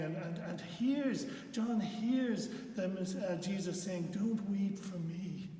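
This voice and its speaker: Guy retelling a bible story, kinda high voice, slow and earnest, stumbles and repeats words, echoey room. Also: dark tone, slight background noise. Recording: echoey hall from far off.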